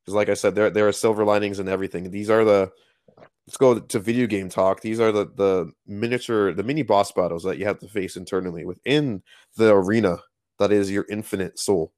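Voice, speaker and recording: A man co-hosting a podcast, chatting casually in a playful, animated way with lots of metaphors. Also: on the low side, brisk, no echo, studio quality. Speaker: podcast co-host.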